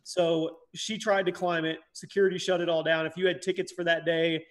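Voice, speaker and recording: A man co-hosting a comedy podcast, telling quick anecdotes in a chatty way with restarts. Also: on the high side, little pitch movement. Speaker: podcast co-host. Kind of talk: casual comedy podcast chat.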